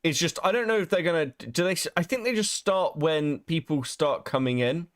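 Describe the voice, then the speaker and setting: A fairly high-voiced man hosting a casual livestream, with a lively, swooping delivery. He mocks and swears freely and laughs often, heard on a dry, close sound. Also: normal speed, no room sound. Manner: profane, mocking, laughs often. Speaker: streamer host.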